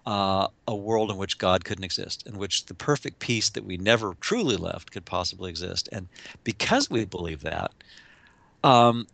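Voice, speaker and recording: A man discussing spiritual ideas in a casual, halting way, full of restarts and fillers, sometimes laughing and acting out little voices. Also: deep voice, animated, gravelly, fairly bright tone. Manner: laughs often, acts out voices in quotes. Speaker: spiritual teacher.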